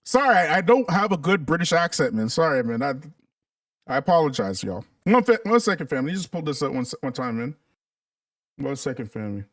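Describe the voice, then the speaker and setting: A high-pitched man talks to his livestream viewers in a casual, emphatic way and calls them "family". He sounds a little back from the microphone in a dry, dead room. His tone is preachy and full of conviction. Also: big pitch swings, brisk, fairly bright tone, dry recording, distant mic. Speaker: livestream host.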